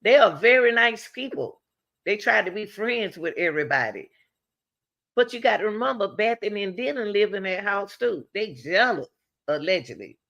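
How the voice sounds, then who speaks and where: Animated woman commenting straight to viewers. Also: normal speed, gravelly. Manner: animated, talks straight to viewers with rhetorical questions; pitch swings widely between high exclamations and low asides. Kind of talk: casual true-crime commentary.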